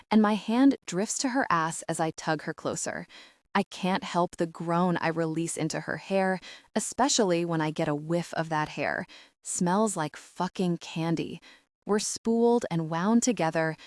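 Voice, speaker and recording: Woman, audiobook narrator, low voice, emotional dramatic reading, dry close sound. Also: no room sound. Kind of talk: scripted first-person romance narration.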